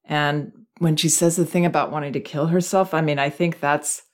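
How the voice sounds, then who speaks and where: A woman hosting a parenting advice podcast, talking calmly and gently, thinking aloud with small restarts. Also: sits low, moderate pace. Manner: calm, gentle, reflective with many restarts.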